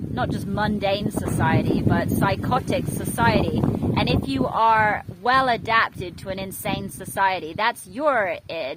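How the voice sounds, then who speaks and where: A woman, rambling chattily and mocking herself as she vlogs outdoors next to a main road. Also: medium pitch. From England. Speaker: vlogger. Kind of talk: casual vlog talk to camera. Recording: loud road noise outdoors. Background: loud traffic noise.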